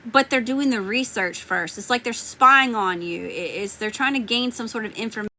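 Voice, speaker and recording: A woman with a Southern US accent reads tarot live, chatting and greeting her viewers. Her voice sits a little high and sounds bright and sharp. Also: moderate pace, poor audio. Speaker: tarot reader.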